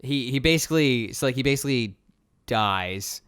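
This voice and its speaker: A man's voice: mid-range voice, lively intonation, moderate pace, a bit bright, clean tone, no echo, studio quality. A man co-hosting a podcast, recapping a film in loose, joking casual chat. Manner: loose and joking, full of likes and restarts. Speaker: podcast co-host. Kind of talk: casual movie review chat.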